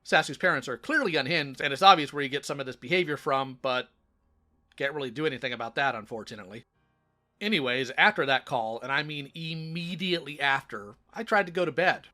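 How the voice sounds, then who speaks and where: A man's voice: mid-range voice, brisk, sharp tone. A man narrating commentary between call recordings in a dry, matter-of-fact way. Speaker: channel host narrating.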